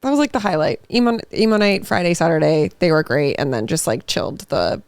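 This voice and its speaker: A woman's voice: deep voice, very animated, a little fast, darkish tone, smooth, dry recording. A young woman from Massachusetts co-hosting a podcast, telling stories in a casual, chatty way with lots of "like". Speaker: podcast co-host. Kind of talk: casual chat.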